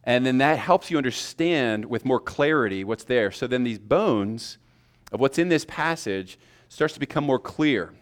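A man's voice: medium pitch, animated, normal speed. A man teaching a class on sermon preparation in a loose, conversational way, with fillers and restarts. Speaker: preaching instructor.

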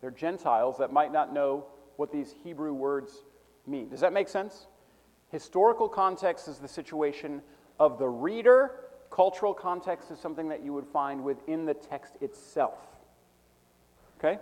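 A man teaching a preaching class, defining terms methodically and repeating them slowly so students can take notes. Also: a little high, darkish tone, in a large hall. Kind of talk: classroom lecture.

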